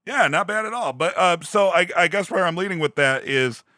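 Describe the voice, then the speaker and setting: Male podcast host, chatty and laughing, bright tone, dry close mic. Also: high voice, expressive, a little fast, no echo. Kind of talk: casual chat.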